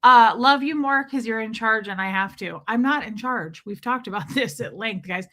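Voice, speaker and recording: A middle-aged woman running a solo livestream, greeting her viewers one by one in a loose, affectionate chat. Her voice is bright and a touch high. She teases herself, calls people babe and girl, and drops the odd mild curse. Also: moderate pace. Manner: self-deprecating, laughs often, bits of mild swearing. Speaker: livestream host.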